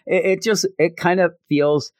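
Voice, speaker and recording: A man's voice: high-pitched, steady tone, a little slow, no echo, clean studio sound. A man hosting a podcast, talking through a comic in a rambling, self-interrupting way. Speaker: podcast host. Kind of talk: casual comic book review.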